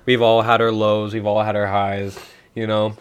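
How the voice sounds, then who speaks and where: A man's voice: on the low side, monotone, normal speed, clean tone. A young man hosting a podcast, chatting easily and leaning on "you know" as he wraps up. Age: young adult. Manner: easygoing, uses lots of "you know". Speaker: podcast host. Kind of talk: casual podcast chat.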